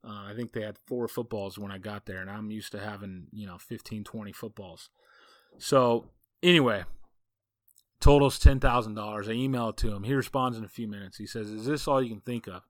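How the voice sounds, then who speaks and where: A man's voice: on the low side, a little fast, no room sound, studio quality. A man, a football coach hosting a podcast, telling a story in a casual, folksy, rambling way full of asides.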